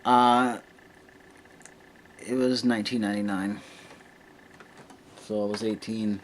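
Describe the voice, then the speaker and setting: A man's voice: on the low side, fairly even intonation, slow pace, slight background noise. A man in his thirties chatting casually at home, laid-back, swearing freely and telling rambling stories. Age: 30s. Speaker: co-host. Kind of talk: casual chat.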